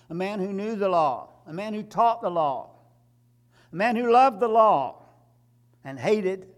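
A man preaching a sermon, emphatic, building to loud repeated climaxes. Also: a little high.

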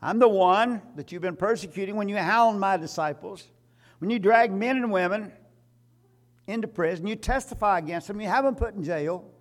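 A man preaching a sermon, emphatic, building to loud repeated climaxes. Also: high voice, moderate pace.

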